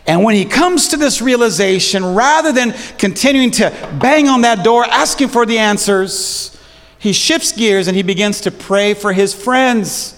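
Male pastor, high voice, slangy animated sermon, long reverb. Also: moderate pace. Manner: casual slang, animated storytelling.

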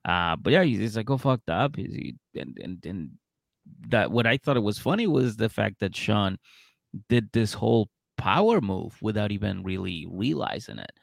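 A low-pitched man with a gravelly, creaky voice recaps a reality show for a podcast, cursing freely and slipping into other people's lines as he tells it. The sound is close and dry, with no room around it. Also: sing-song, normal speed, no room sound. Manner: profane storytelling that acts out other people's lines. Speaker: podcast co-host.

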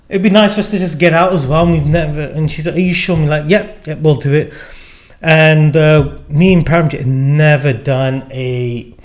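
A middle-aged man with a voice a little above the usual for a man. He tells a long anecdote to an interviewer, acting out what each person said, with plenty of fillers along the way. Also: a little high. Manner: animated storyteller acting out quoted dialogue, many fillers. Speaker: guest. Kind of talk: casual storytelling.

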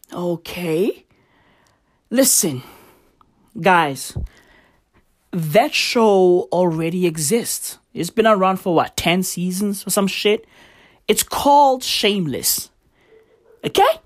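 A woman's voice: mid-range voice, animated, slow, long pauses. A young woman delivers a profane, slang-heavy comedic rant to camera, mock-outraged throughout. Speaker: vlogger.

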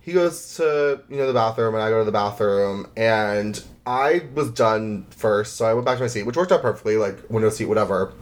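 A man's voice: on the low side, brisk, hardly any pauses. Chatty young man telling a story. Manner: chatty, rambling, heavy use of "like". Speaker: podcast host. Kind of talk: casual storytelling.

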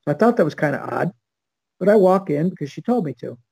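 A man's voice: fairly high pitch, sing-song, fast talker, gravelly, darkish tone, breathy edge, no echo, rough recording. An older man from Los Angeles, a podcast guest telling a long story and acting out the people in it. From Los Angeles, USA. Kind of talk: storytelling anecdote.

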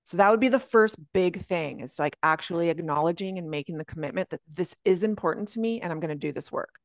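A woman guest coach talking earnestly on a podcast, often jumping into a high voice when she quotes her own thoughts. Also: quick pace, no echo, clean studio sound. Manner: earnest, animated, often slipping into high quoted self-talk. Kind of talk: reflective podcast conversation.

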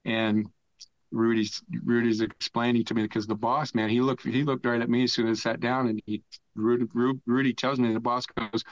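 Older American man, mid-pitch, swearing raconteur, dull dry lo-fi recording. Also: little pitch movement, moderate pace, no echo. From United States. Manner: profane, rambling storyteller who laughs mid-story. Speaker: podcast guest. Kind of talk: casual storytelling.

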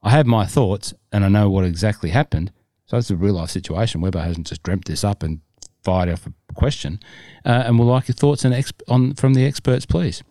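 Low mellow-voiced guy co-hosting a podcast, rambly and jokey. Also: lively intonation, fairly quick, no echo. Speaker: podcast co-host. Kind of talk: casual chat.

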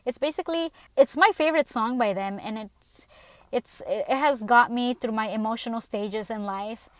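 A woman hosting a podcast, telling stories in a blunt, profane, animated casual rant. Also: a little high, moderate pace, dry recording. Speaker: podcast host. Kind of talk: casual ranting monologue.

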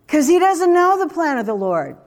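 A woman's voice: high-pitched, very animated, moderate pace. A woman preaching a sermon in a conversational, emphatic way, full of rhetorical questions.

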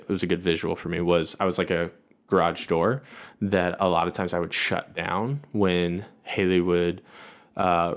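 A man in his thirties, reflecting on his marriage in a casual conversation, with many fillers and restarts. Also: low voice.

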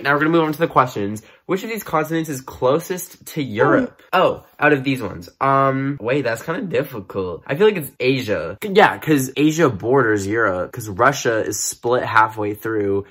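A man in his twenties talking to camera in a casual, playful vlog, mocking himself and jumping between loud outbursts and mumbled asides. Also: medium pitch, animated, moderate pace, few pauses. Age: 20s. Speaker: YouTuber. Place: room with bookcases.

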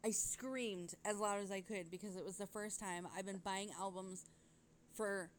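A woman's voice: mid-range voice, steady tone, normal speed, slight background noise. A woman hosting a podcast in casual chat, rambling and giggly, often breaking off to correct herself. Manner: rambling, giggly, self-interrupting. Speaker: podcast host.

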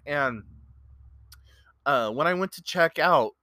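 A man's voice: fairly high pitch, lively intonation, slow pace, pauses often, sharp tone, dry recording. A man hosting his own podcast, telling a story in a rambling, earnest way with many fillers, close to the mic. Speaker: podcast host. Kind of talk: casual solo podcast storytelling.

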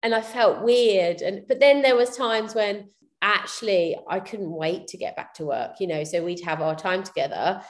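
A woman's voice: mid-range voice, moderate pace. A woman, a business founder talking candidly and reflectively in a casual interview, with many fillers and restarts. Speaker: podcast guest, PR business founder.

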